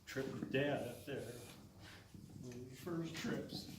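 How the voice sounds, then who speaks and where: A man giving brief, soft-spoken remarks at a memorial as a coworker. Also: medium pitch, slow pace, background noise. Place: memorial service hall. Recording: distant mic in an echoey hall with a crowd.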